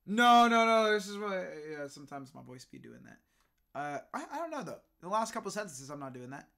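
A man streaming a casual video reaction, swearing often and breaking into laughs and loud outbursts. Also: fairly high pitch, sing-song, fairly quick, vocal fry.

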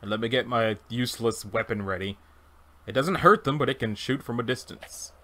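A man giving casual gameplay commentary, chatty and animated, thinking aloud as he plays. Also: mid-range voice, brisk. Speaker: let's play gamer.

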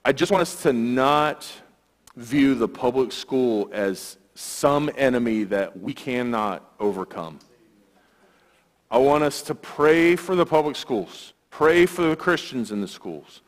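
A man's voice: mid-range voice, expressive, measured pace. A man giving a guest sermon in church, telling stories in a conversational way with filler words. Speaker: guest speaker, youth ministry worker. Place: church sanctuary. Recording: long church hall reverb.

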